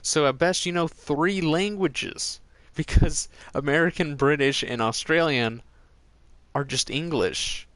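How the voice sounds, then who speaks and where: Slow-talking man rambling over gameplay. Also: on the high side, a bit bright, dry recording. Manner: rambling, tangential, joking. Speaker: gaming channel host. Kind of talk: casual commentary while playing a game.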